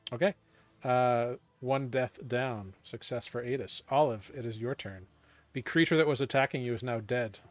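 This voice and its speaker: A man narrating as game master of a tabletop game, relaxed with many fillers. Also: mid-range voice, normal speed, no echo, soft background music.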